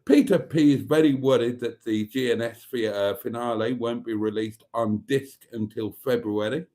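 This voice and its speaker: Mellow-voiced man hosting a livestream. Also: mid-range voice, moderate pace. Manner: chatty, affectionate, reads viewer comments aloud. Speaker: livestream host. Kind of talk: casual livestream chat.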